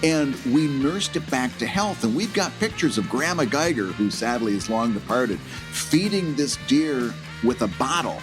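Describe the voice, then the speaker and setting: A Midwestern American man co-hosting a casual podcast, telling a family story with a lively, swooping voice. He laughs often and acts out the voices of his relatives. Music plays clearly behind him. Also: mid-range voice, a little slow, hardly any pauses. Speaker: podcast co-host.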